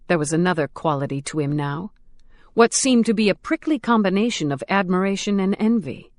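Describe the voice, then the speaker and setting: A woman giving a measured, steady audiobook narration of a crime thriller. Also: on the low side, dry recording, studio quality. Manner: measured, steady, dramatic storytelling.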